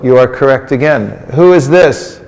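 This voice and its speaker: The sermon comes from a religious teacher whose mid-range voice has a darkish tone and moves at normal speed. Playfully teasing, he prompts his group into call-and-response. A big hall's lingering reverb fills the sound.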